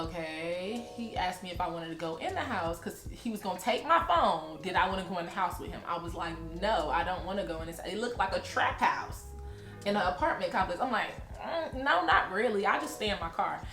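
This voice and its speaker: A woman's voice: fairly low pitch, a little fast, reverberant, music in the background. A young woman, casually telling a storytime and acting out both sides of the talk. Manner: animated retelling, acts out both sides of the talk. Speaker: vlogger.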